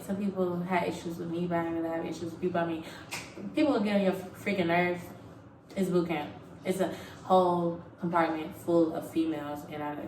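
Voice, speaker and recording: A woman's voice: lowish voice, far from the mic. A young woman telling a casual, frank story to camera, full of "like" and "um" and free swearing. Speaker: Navy recruit sharing her boot camp experience. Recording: echoey room, voice off-mic, clear background noise.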